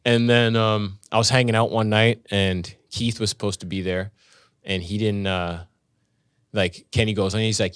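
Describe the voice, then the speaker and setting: A man in his thirties with a fairly low voice, telling stories in a relaxed, rambling way and swearing freely. He sounds like a stand-up comedian chatting on a podcast. The studio sound is dry and close. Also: normal speed, clear, resonant tone, no room sound. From Canada. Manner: laid-back, loose, swears freely. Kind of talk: casual podcast storytelling.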